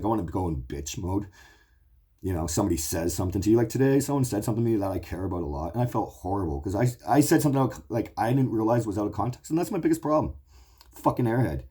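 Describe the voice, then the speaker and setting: A man's voice: low-pitched, warm tone, slightly rough. A man in his forties hosting his own show, talking in a blunt, profane, emotional rambling monologue. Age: 40s. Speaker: show host.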